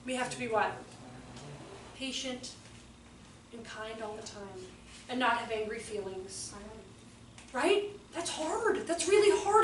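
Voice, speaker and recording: A high-pitched woman gives a lively workshop to a room of teachers and keeps breaking into acted-out voices and shouts. Her voice carries a roomy echo and is picked up from a distance. A faint hiss sits underneath. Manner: animated, acts out voices and exclamations. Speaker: early childhood trainer. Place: room with a live audience.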